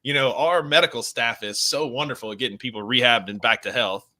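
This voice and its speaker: A man's voice: medium pitch, brisk, pushed and bright. A man co-hosting a casual sports podcast, emphatic and opinionated in his takes. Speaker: podcast co-host.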